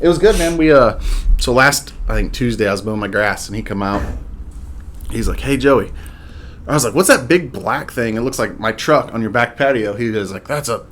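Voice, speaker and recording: A man in his thirties, guesting on a casual podcast, tells stories at a brisk clip and laughs as he animatedly quotes his neighbors. His voice is medium-pitched, picked up by a podcast mic at a table.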